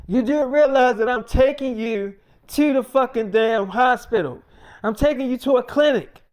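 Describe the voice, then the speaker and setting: A man's voice: extremely high pitch, moderate pace, a little mellow. A young man doing an angry swearing mother. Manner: swearing, scolding, threatening. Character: furious strict mother scolding her teen daughter.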